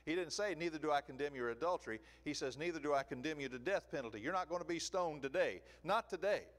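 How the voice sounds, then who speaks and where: Male preacher, sermon delivery, animated and emphatic, pitch on the higher side. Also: fast. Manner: animated, emphatic, rhetorical questions.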